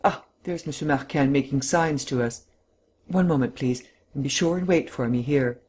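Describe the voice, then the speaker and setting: A man's voice: medium pitch, moderate pace, darkish tone, husky, close to an everyday voice. A man voicing an impatient, grumbling police inspector in a storybook reading. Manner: muttering, grumbling.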